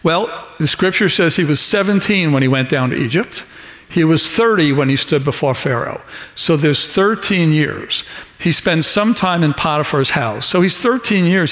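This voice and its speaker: A man's voice: on the high side, fairly bright tone. A middle-aged man preaching a sermon as a pastor, folksy and storytelling, acting out the dialogue of the people in his stories. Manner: folksy, acts out dialogue in shifting voices. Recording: long hall reverb.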